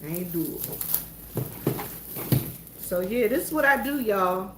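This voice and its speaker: A woman's voice: mid-range voice, expressive, slow pace, slight background noise. Chatty Southern woman in a roomy church. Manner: chatty, folksy, storytelling with dialect. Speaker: church worker and vlogger. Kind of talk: casual chat to viewers. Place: empty church, indoors.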